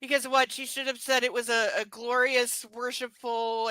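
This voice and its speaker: Woman doing a live book reading, crisp bright voice, snarky side comments, dry close sound. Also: on the high side, level tone, normal speed, few pauses, no room sound, poor audio. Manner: sarcastic asides, laughing at the text. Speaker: reader.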